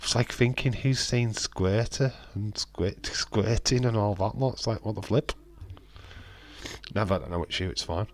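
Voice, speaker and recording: A man with a lowish, slightly slow voice hosts a live watch-along stream. He comments casually, reads the chat aloud, and banters with and teases his viewers, often restarting what he's saying.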